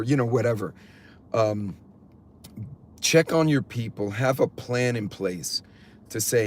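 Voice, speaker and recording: A middle-aged man hosts a preparedness channel livestream, chatting casually, reading viewers' comments aloud and answering them as he rambles and swears freely. His voice is fairly low and a little slow, with a bit of hiss or hum in the audio.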